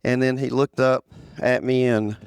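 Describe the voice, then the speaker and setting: Older man with a gravelly voice. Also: medium pitch, little pitch movement, no room sound, clean studio sound. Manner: unhurried storyteller, repeats phrases, quotes others. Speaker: interview guest, former association president. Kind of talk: storytelling in conversation.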